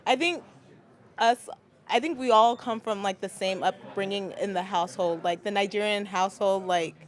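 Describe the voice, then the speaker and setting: A young adult woman, a basketball player guest in an interview, answering in a relaxed, hesitant way with many fillers. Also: medium pitch, moderate pace. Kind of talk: interview conversation.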